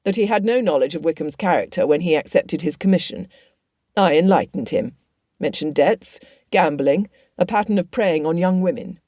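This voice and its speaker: A woman reading an audiobook voices a protective young officer, speaking roughly and earnestly. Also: on the low side, normal speed, warm tone, dry recording, clean studio sound, lightly acted. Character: wry protective cousin, a young army officer.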